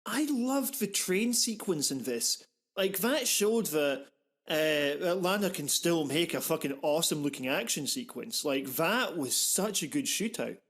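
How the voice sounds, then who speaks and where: On his podcast, a host with a fairly high voice chats casually about films, wandering from one thought to another. He grows animated, swears offhandedly, and covers gaps by quickly restarting his sentences.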